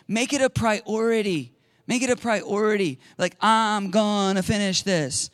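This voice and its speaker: A middle-aged pastor delivers a conversational sermon in a slightly raised voice. He talks to the congregation like friends, then erupts into loud, excited shouting. The sound is close and dry. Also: high voice, measured pace, dry recording.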